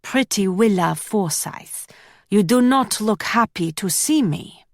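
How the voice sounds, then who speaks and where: Audiobook role: a woman voicing a smug young Flemish man, teasing and sly, even mid-range pitch. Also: slow, dry recording, clean studio sound. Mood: taunting. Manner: teasing, mocking. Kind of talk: audiobook character voice.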